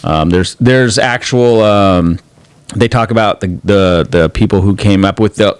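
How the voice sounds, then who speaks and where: A man with a fairly low voice chats casually as a podcast co-host. He meanders, trails off and circles back to his point. The sound is dry and close, with no room around it. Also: a little slow, clean tone, no echo. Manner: rambling, loose, trails off and restarts mid-thought. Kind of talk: casual chat.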